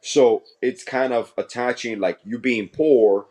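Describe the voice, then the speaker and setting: A man's voice: mid-range voice, a little slow, warm tone, breathy edge. A man of Cuban background co-hosting a sports podcast, explaining things in a loose, laid-back way. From Cuban family. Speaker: podcast co-host. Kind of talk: casual sports chat.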